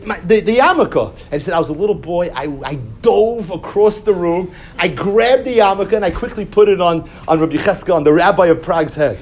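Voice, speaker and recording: A man teaching a Talmud class through storytelling, sprinkling Hebrew and Yiddish terms and jumping high when he quotes people. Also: a little fast, few pauses, darkish tone. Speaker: Torah teacher.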